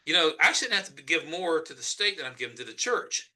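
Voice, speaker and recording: A man's voice: on the high side, big pitch swings, a little fast. A man with a Southern US accent, speaking emphatically as a Senate candidate in a political interview. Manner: emphatic, forceful argument.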